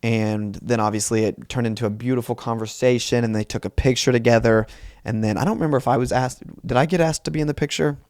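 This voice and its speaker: A man's voice: mid-range voice, steady tone, fast talker, darkish tone, no echo, studio quality. A man in his twenties hosting a solo comedy podcast, telling a rambling, self-mocking story with lots of asides. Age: 20s. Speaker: podcast host.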